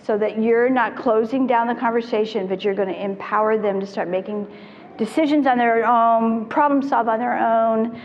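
Animated woman therapist in an echoey hall. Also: on the high side, normal speed. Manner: animated storyteller, acts out quoted voices. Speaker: child therapist. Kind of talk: storytelling talk to parents. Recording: reverberant hall, dull lo-fi sound, faint noise.

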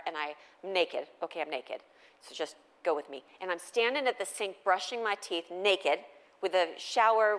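A middle-aged woman giving a humorous storytelling talk at a faith gathering, lively and conversational, often asking the audience questions. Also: mid-range voice, big-room sound.

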